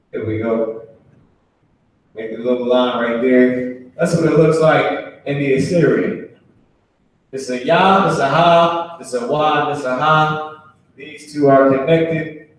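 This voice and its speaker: Standing at a board, a mid-range-voiced man teaches Hebrew in a relaxed way, repeating himself, restarting, and stretching out important words. A far-off mic in a very echoey room catches him, with slight background noise.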